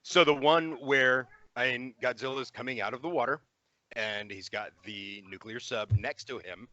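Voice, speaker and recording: A man's voice: medium pitch, normal speed, sharp tone, no room sound, highs cut off. A man co-hosting a podcast, chatting casually in a wry, nitpicking way with some swearing. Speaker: podcast co-host. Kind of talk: casual chat.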